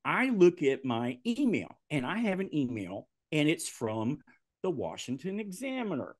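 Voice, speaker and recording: A man with a voice on the high side speaks unhurriedly as a podcast guest, telling stories in casual chat. He is animated and laughs often, and the studio sound is clean with no echo.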